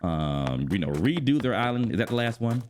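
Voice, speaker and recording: A man in his thirties casually chatting about a video game while he plays, animated and quick to exclaim. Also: mid-range voice, a little hiss or hum. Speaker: gaming YouTuber and streamer. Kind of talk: casual gaming vlog commentary while playing. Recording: music bed playing clearly behind the voice.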